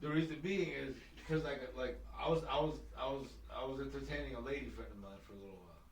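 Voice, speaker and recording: A man's voice: medium pitch, quick pace, a little hiss or hum. A man in a casual podcast chat, mostly giving short, laid-back replies. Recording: roomy, from a distance.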